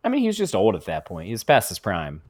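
A man's voice: fairly low pitch, wildly swooping pitch, fast talker, dry recording, clean studio sound. A man co-hosting a podcast in casual banter, teasing and laughing often. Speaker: podcast co-host.

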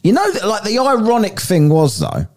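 A male podcast host with a lively voice that rises and falls a lot as he reads crime stories. He keeps stopping to make jokes and talks in a loose, casual way with his co-host and the live chat. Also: high-pitched, normal speed. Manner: jokey, reads aloud then riffs.

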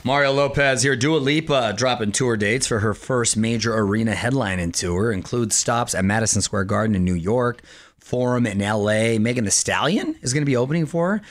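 A man's voice: medium pitch, brisk. A middle-aged man hosting an entertainment radio show, chatting casually, upbeat and joking.

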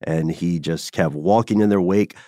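A man's voice: low voice, normal speed, dark tone, dry recording, studio quality. A man co-hosting a podcast, telling a history story in a conversational, playful way. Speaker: podcast co-host. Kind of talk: casual chat.

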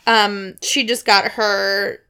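A young woman co-hosting a casual podcast, playful and teasing, telling stories in an animated way. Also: medium pitch, takes it slowly, clear, resonant tone. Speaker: podcast co-host. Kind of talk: casual chat.

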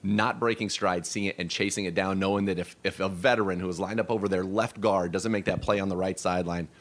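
A man's voice: low voice, fairly even intonation, quick pace. A man hosting a sports radio show, asking long, enthusiastic questions.

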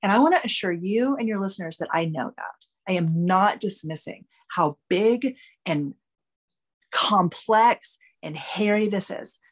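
A woman's voice: medium pitch, measured pace, breathy edge. Candid woman explaining animatedly. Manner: candid, animated, swears freely. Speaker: guest expert. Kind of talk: casual podcast conversation.

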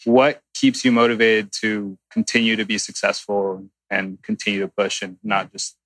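A man's voice: fairly low pitch, flat delivery, normal speed, fairly bright tone, no room sound, rough recording. A man in the audience who earnestly thanks the room before asking his question. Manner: earnest, grateful. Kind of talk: question from the floor.

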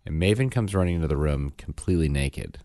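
A man's voice: a bass voice, fast, no echo, clean studio sound. A man in his thirties, a father chatting casually on a podcast and acting out his kids' lines in voices. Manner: animated storyteller, acts out his kids in voices. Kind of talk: casual chat.

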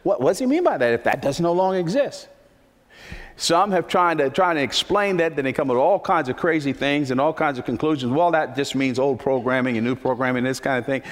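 A man's voice: medium pitch, brisk. A man preaching a sermon as pastor, emphatic, repeating key phrases for effect. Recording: long reverb of a large hall.

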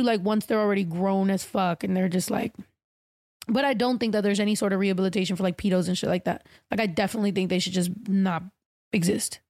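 A woman podcast host telling a story in casual chat, blunt and profane, animated as she talks. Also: medium pitch, no echo, clean studio sound.

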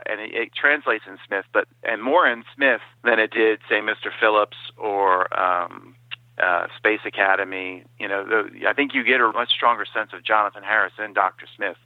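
A man guesting on an interview, telling stories in a lively way and dropping into quoted impressions. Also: fairly low pitch, normal speed, no echo. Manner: animated storyteller who slips into quoted impressions. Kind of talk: casual interview over the phone. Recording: dry, tinny phone-line sound.

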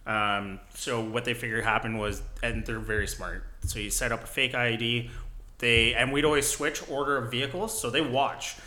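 A man's voice: mid-range voice, moderate pace. A middle-aged man hosting a casual podcast chat, telling war stories with sound effects. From Canada. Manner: animated storytelling with sound effects. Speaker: podcast host, veteran soldier.

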